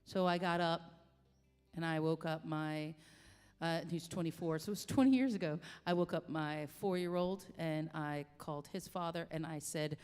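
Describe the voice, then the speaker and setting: A woman in her forties talks in a low, smooth voice. She tells her story haltingly and from the heart, with many restarts. The recording carries a long, roomy reverb. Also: a little mellow. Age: 40s. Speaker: singer-songwriter guest. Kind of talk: personal storytelling in conversation. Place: coffee shop. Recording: long reverb, echoey room.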